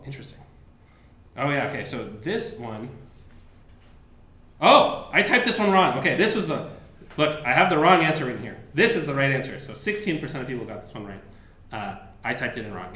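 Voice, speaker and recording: A man's voice: medium pitch, sharp tone. Casual lecturing man in an echoey room. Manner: casual, chatty explaining with many fillers. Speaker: professor. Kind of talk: university lecture. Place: lecture hall.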